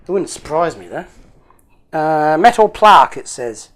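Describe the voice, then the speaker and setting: A man's voice: a little high, expressive, unhurried, a bit bright. A man hosting a casual unboxing video, chatty and jokey, thinking aloud as he opens parcels. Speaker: YouTube hobby channel host.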